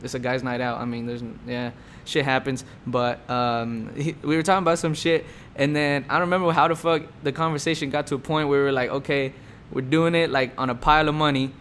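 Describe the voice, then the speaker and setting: A man's voice: medium pitch, little pitch movement, fairly quick, a bit bright. Young man, casual storyteller, heavy swearing and fillers, mid-range voice, faint hiss behind. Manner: laid-back, profane, full of fillers and quoted dialogue. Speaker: storyteller explaining his rap name.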